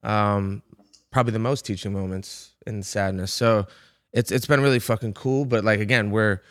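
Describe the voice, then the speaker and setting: A man in a casual podcast conversation, reflecting haltingly, searching for words and swearing casually. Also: fairly low pitch, fairly even intonation, a bit bright, no room sound, studio quality.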